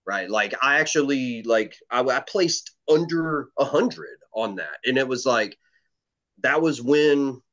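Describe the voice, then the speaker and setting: A man's voice: medium pitch, animated, unhurried, fairly bright tone. A man chatting casually as a competitive shooter guest, telling stories in a rambling way with swearing and lots of fillers. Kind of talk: casual podcast chat. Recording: dull lo-fi audio.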